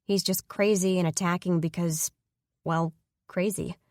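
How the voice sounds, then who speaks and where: A woman narrating a first-person fantasy romance audiobook in a steady, even storytelling manner on a close mic. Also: on the low side, unhurried, dry recording.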